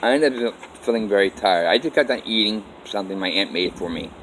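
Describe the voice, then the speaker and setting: A man with a fairly low voice tells his own life story in a loose, rambling way. He stops and restarts his sentences and acts out what people said with "I'm like." A faint hiss sits under his voice. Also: expressive, a little fast, a bit bright, rough recording. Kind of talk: casual first-person life story.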